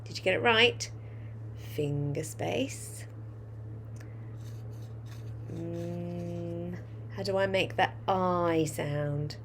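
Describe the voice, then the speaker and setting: A woman's voice: lowish voice, extremely slow, long pauses, a little hiss or hum. A woman teaching a phonics lesson, patiently dictating a sentence word by word and coaching children on spelling. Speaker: primary school teacher.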